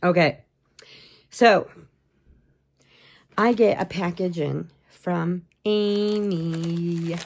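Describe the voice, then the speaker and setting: A woman's voice: medium pitch, creaky, a little mellow. A woman hosting a crochet channel, chatting casually and rambling as she shows off mail she got, laughing often. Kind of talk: casual chat showing happy mail.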